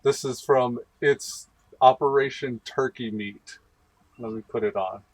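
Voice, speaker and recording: A man's voice: mid-range voice, a little slow, no echo. A man hosting a gaming channel, rambling through casual gameplay commentary and laughing often.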